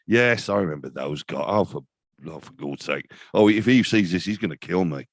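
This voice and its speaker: A man's voice: sits low, animated, moderate pace, no echo. A man in his fifties, a death metal vocalist chatting as an interview guest, rambling and self-deprecating with many restarts. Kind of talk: casual interview chat.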